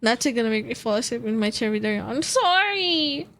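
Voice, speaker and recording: A woman's voice: a little high, level tone, quick pace. A sleepy young woman from the Philippines, streaming and chatting casually, rambling, yawning, laughing often and swearing. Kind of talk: casual chat.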